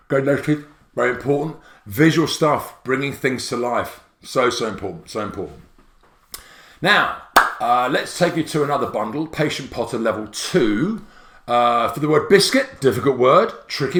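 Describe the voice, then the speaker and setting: A man presenting an app tutorial with excitable, jokey energy, his voice jumping high on exclamations. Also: normal speed, echoey room, soft background music. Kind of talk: enthusiastic explanatory walkthrough.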